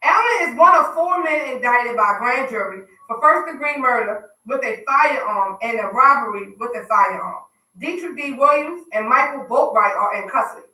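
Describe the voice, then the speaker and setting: Bright-voiced woman hosting a roomy radio show. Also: a little high. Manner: slangy, joking banter while reading news. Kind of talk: casual hip hop news show. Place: radio studio. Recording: roomy studio, mic at a distance.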